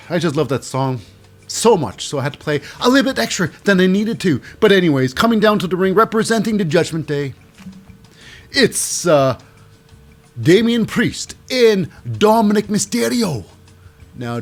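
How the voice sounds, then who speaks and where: Rambling man recapping wrestling, pitched high. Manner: rambling and jokey, full of "uh" and "you know". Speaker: wrestling show recap host.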